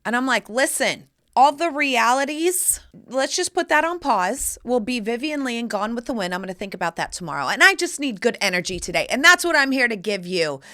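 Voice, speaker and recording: Sassy and theatrical, this forties-aged podcast host delivers a casual monologue on her own show, addressing the listener as "honey." Her fairly high voice is animated and sharp, running a little fast with hardly any pauses.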